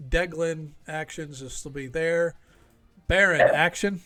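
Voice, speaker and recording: A man acting as game master for a tabletop session, talking in an easygoing, rambling way full of fillers. His voice sits a little high, with faint music behind him. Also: takes it slowly, bright, forceful tone.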